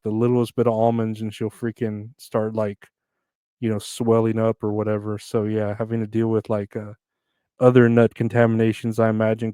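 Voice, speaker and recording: A man's voice: medium pitch, darkish tone, clear, resonant tone, no echo, clean studio sound. A man hosting a solo comedy podcast, rambling casually, reading news aloud and riffing on it with crude jokes. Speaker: podcast host.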